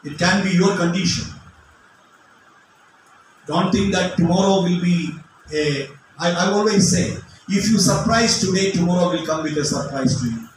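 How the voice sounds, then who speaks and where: A middle-aged man preaching with passion and non-native phrasing, now and then shouting, recorded from a distance in a large hall. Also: high voice, moderate pace. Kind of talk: sermon. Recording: echoey hall from far off, faint noise.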